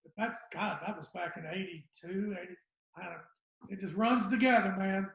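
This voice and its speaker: A man's voice: high-pitched, moderate pace, creaky, a bit bright. A man, a guest comedian telling rambling stories in casual podcast chat. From Southern United States. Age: 60s. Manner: rambling storyteller, trails off. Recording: echoey room.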